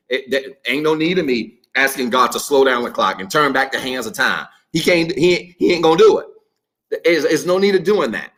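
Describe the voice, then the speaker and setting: Pastor, man, mid-pitched voice, emphatic and repetitive, preaching a livestream sermon. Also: fairly bright tone. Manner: emphatic, repetitive, addresses online viewers directly. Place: church livestream.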